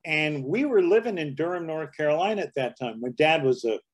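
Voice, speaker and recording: This older guest from Canada, a comedy writer and performer, tells funny stories briskly in a slightly high, expressive voice. As he narrates, he keeps jumping into different character voices.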